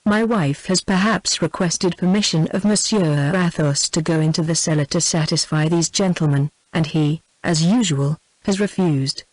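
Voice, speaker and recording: A woman's voice: lowish voice, normal speed, hardly any pauses, dry recording, close to an everyday voice, poor audio. Give me a fretful innkeeper, read by a synthetic British woman's voice, dry and close. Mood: worried. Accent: British English. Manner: even synthetic reading, complaining words. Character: fretful male innkeeper, middle-aged, wringing his hands.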